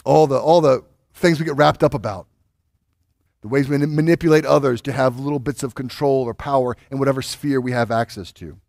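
A man's voice: mid-range voice, fairly quick, creaky, a little mellow, no room sound. Conversational preacher, man, dry sound. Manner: conversational teaching with many restarts, rising intensity. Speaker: pastor. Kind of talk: sermon.

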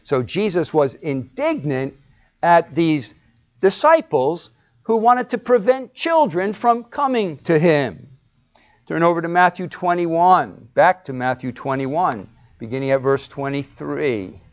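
A man preaching a sermon and reading scripture, stressing words hard and then dropping to a hush. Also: a little high, animated, measured pace. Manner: emphatic, shifts between loud stresses and hushed drops. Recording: dull lo-fi recording.

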